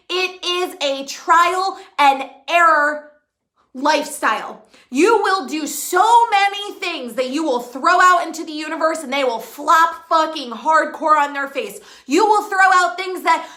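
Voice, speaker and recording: A woman's voice: very high voice, sharp tone, echoey room. A woman business coach giving a blunt, profane, emphatic motivational talk. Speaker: women's empowerment and business coach. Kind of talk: motivational monologue.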